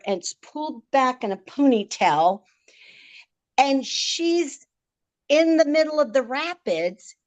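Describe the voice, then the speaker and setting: A woman with a somewhat high voice recounts a frightening personal experience as a podcast guest. Her telling is vivid and emotional. She often stammers and repeats words as she goes.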